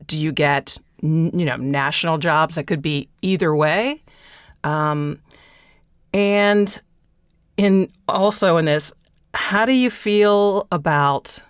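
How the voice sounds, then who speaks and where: Low, slow, smooth-voiced woman host. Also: no room sound, studio quality. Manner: thoughtful, searching for words. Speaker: podcast host. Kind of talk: interview questions.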